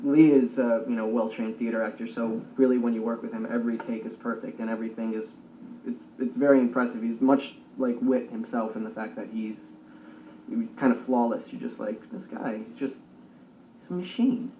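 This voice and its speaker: A man's voice: medium pitch, little pitch movement, brisk, a little hiss or hum. Guy praising a coworker, sounds far from the mic and kinda muffled. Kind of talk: casual interview talk. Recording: distant, dull recording.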